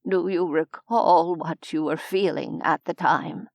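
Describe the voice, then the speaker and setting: A woman voicing a courteous, formal gentleman in an audiobook, measured and gently lecturing. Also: low-pitched, fairly even intonation, vocal fry, no room sound. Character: genteel, courteous older gentleman scholar. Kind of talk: audiobook character voice.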